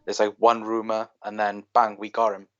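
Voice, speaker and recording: A man with a Welsh accent from South Wales, co-hosting a casual chat and giving quick opinions with lots of "like". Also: lowish voice, completely flat delivery, a bit bright, muffled recording. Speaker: co-host.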